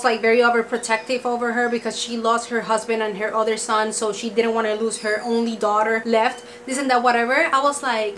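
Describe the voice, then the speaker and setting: A young adult woman reviewing movies in a casual vlog. She is blunt, sassy and expressive. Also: on the high side, a little hiss or hum, low-quality recording.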